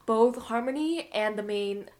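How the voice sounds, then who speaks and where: A woman's voice: fairly high pitch, unhurried, darkish tone. Dry, sarcastic woman co-host. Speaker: podcast co-host. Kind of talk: casual chat.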